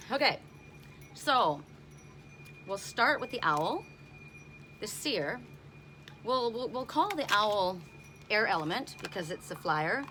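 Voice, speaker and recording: A woman's voice: medium pitch, noisy background. A middle-aged woman doing an oracle card reading outdoors, blunt and indignant in her asides. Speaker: tarot and oracle card reader.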